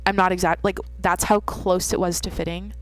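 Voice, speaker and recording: A young woman hosts her own podcast from home at night, delivering a casual solo monologue: a long, rambling story full of swearing and self-interruptions. Her voice is fairly low with little pitch movement, at normal speed, and there is no room sound.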